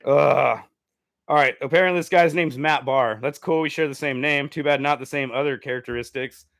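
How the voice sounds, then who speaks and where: A man's voice: medium pitch, brisk, creaky, dry recording, clean studio sound. A man hosting a comedy news show, reading stories aloud and breaking off into crude, swearing asides and giggles. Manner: crude, swearing, giggling asides, animated swings from mutters to exclamations.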